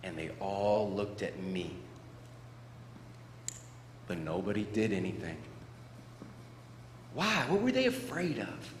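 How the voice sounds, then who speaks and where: Animated male speaker in an echoey hall. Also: lowish voice, takes it slowly, pauses often. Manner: animated, playful, acts out sound effects. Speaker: motivational speaker. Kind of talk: storytelling speech to students. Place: large school hall. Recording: echoey hall with faint room noise.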